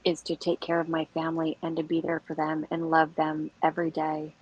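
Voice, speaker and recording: A middle-aged woman co-hosting a casual chat in a low, husky voice. She is supportive and chimes in often with agreement. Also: monotone, a little fast, dull audio.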